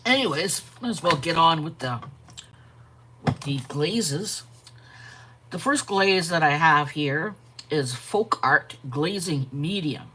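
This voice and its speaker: Slow easygoing lady hosting an art stream, chatting to viewers, yawns a lot. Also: deep voice, lively intonation, pushed and bright, slight background noise. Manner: chatty, greets viewers by name; frequent yawns and self-corrections. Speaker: art channel host. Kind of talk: casual live-stream chat.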